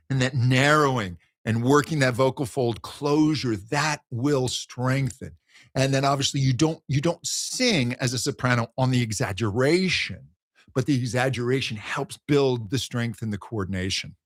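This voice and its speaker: A man's voice: medium pitch, normal speed. A man teaching singing in a live question-and-answer session, explaining with restarts and breaking into sung exercises. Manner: thoughtful, restarts phrases.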